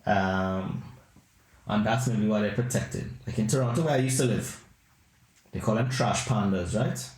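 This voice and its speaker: A man hosting a podcast who tells rambling, animated comic anecdotes. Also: fairly low pitch. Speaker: podcast host. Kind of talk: comedic storytelling. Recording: roomy echo.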